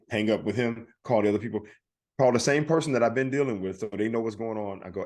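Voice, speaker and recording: Animated man telling a story. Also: fairly low pitch, quick pace. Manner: animated storyteller, acts out other people's lines. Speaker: podcast co-host. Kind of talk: casual storytelling chat.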